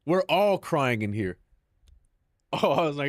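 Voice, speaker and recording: A man's voice: medium pitch, sing-song, a little slow, long pauses, dry recording, studio quality. A young man chatting casually on a live stream, joking and mock-dramatic with lots of filler words.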